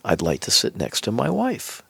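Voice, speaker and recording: Male interview guest, lowish gravelly voice, animated storyteller, dry close mic. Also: normal speed, no room sound. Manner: animated storyteller acting out quoted dialogue. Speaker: podcast guest, business executive.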